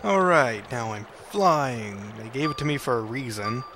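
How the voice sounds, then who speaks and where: A man's voice: medium pitch, expressive, moderate pace, background noise. A young man casually commentating a video game playthrough, cracking goofy jokes to his viewers. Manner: goofy, joking asides to the viewer. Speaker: let's play host. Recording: game music playing underneath.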